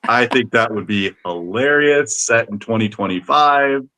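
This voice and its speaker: A man's voice: medium pitch, expressive, unhurried, pushed and bright, poor audio. A man co-hosting a podcast, chatting playfully with friends. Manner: playful, jokey. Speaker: podcast co-host. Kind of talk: casual chat.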